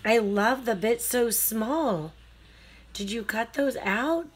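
A woman's voice: on the high side, takes it slowly, slightly rough. A woman vlogger unboxing a craft mail swap, gushing with constant delighted exclamations and talking straight to the sender. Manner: talks to the sender directly.

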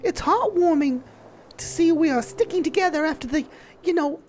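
A man voicing a chirpy, sociable middle-aged woman in a high sing-song falsetto for a video game. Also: normal speed, soft background music. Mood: cheerful.

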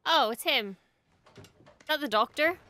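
A young woman hosting a casual reaction video, excitable and quick to swear and gush. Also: sits high, dry recording. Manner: excitable, swears often, gushes.

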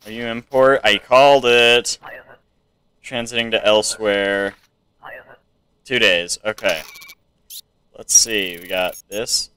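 A man's voice: lowish voice, fairly even intonation, slow, pauses often, pushed and bright, smooth. An American man casually commenting to himself while playing a video game. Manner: musing, talking to himself. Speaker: gamer. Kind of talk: let's play commentary.

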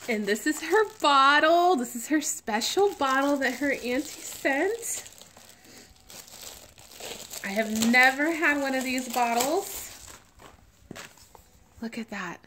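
Woman vlogger, higher voice, slow and tearful with delight, unboxing chat. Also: a little hiss or hum. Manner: gushing, emotional, slow and breathy with excitement. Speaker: doll collector unboxing a reborn doll. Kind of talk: unboxing vlog.

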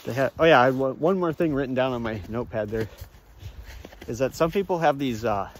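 A man vlogging on a walk outdoors, rambling in a halting way, often restarting and calling his viewers folks. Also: medium pitch. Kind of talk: rambling walk-and-talk monologue. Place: outdoors on a walk among trees.

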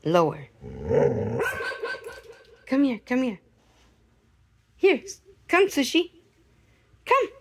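A woman's voice: high-pitched, huge pitch swings. Sing-song woman coaxing her dog. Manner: coaxing, sing-song, slow drawn-out words. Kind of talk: playful talk to a pet. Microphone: handheld microphone held near the dog.

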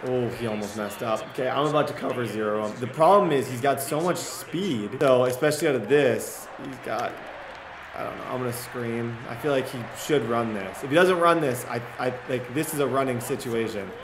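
A young man playing a football video game, reacting loudly and cheering or yelling at each play as a gaming commentator. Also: medium pitch, normal speed, roomy sound, background noise. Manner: excitable, yells and cheers at plays. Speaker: gaming YouTuber.

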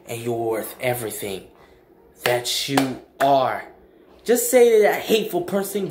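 A man's voice: on the high side, big pitch swings, a little slow, a little hiss or hum. Young guy ranting on his vlog, blunt n repetitive, kinda echoey room. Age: young adult. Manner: emphatic, repetitive, blunt slang-heavy ranting. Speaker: vlogger.

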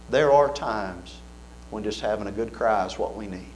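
A man's voice: medium pitch, flat delivery, normal speed, a little hiss or hum. A man preaching an earnest sermon in a church, building fervor with repeated phrases.

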